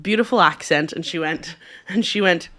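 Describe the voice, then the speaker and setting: A woman's voice: lowish voice, normal speed, a bit bright. A young woman co-hosting a podcast, chatting casually and acting out other people's voices as she tells a story. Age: young adult. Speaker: podcast co-host. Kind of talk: casual chat.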